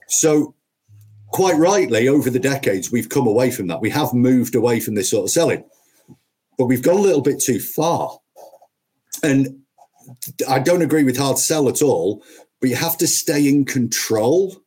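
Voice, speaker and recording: A husky man speaking as a podcast guest. He tells his sales stories with emphatic punch, hammering points home through repetition. His voice sits at a plain middle pitch for a man. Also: animated, moderate pace, pauses often, warm tone. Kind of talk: conversational storytelling.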